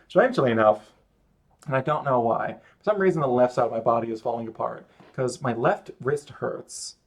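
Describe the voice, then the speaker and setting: A male streamer talks loosely as he draws, narrating every step. He rambles and pokes fun at his own mistakes in an easy, conversational way. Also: medium pitch. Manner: rambling, self-mocking running commentary. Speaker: streamer drawing live. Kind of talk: casual chat while drawing.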